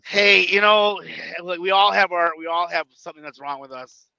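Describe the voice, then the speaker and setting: Bright, high-voiced man telling stories. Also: normal speed, dull audio. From Chicago area. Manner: animated, acts out quotes, laughs often. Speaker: guest wrestler. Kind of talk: casual podcast storytelling.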